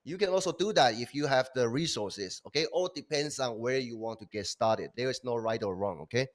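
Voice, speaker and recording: A man's voice: medium pitch, lively intonation, a little fast. A man co-hosting a live online business show, giving coaxing motivational encouragement and checking in with listeners often. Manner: coaxing, punctuates with "okay?". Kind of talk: motivational livestream talk.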